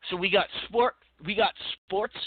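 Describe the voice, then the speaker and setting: A man on a podcast, casually telling a lively story with lots of restarts. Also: high voice, normal speed, dry recording. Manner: animated anecdote-telling with many restarts. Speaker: podcast co-host. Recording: tinny phone-like line, dry.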